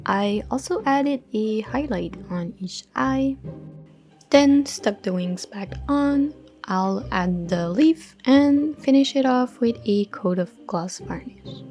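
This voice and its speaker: Lady doing a slow chill craft voiceover, kinda high voice, dry jokes, soft music behind. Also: animated. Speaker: crafting channel host. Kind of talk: relaxed voice-over narration of a craft tutorial.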